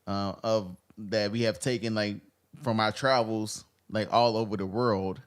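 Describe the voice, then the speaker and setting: A man with a low-pitched voice co-hosts a podcast in relaxed conversation. He tells stories with gusto, repeating words for emphasis and acting out what people said. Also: measured pace. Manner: animated storyteller, acts out quotes, repeats words. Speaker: podcast co-host. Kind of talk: casual chat.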